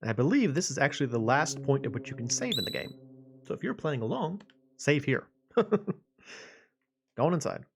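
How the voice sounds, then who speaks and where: Relaxed man narrating a game playthrough. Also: medium pitch, moderate pace, breathy edge. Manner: relaxed, muttering to himself as he plays. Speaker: let's play host.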